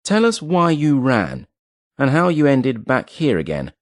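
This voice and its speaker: A man's voice: medium pitch, huge pitch swings, measured pace, dry recording, clean studio sound, voice pushed up. A man reading an audiobook voices a hard, dangerous older man questioning a prisoner in clipped phrases. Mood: menacing. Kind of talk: audiobook character voice.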